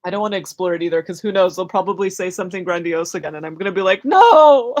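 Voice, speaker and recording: A young woman with a lowish, steady voice hosts a live spiritual Q&A stream, talking at a racing clip. She rambles casually and chattily, sounding self-conscious, full of fillers and restarts and prone to giggling.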